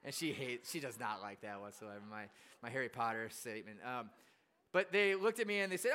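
A man preaching in a relaxed storytelling style, his voice fairly high and very bright. His tone is clean and smooth as he chats along, self-deprecating and full of easy restarts. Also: quick pace. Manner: chatty and self-deprecating, with frequent fillers and restarts. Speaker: pastor. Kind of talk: casual storytelling sermon.

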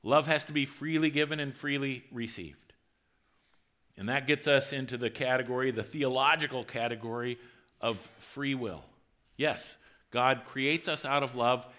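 A male pastor preaching a sermon in a conversational, animated way, acting out the quotes from scripture. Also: medium pitch.

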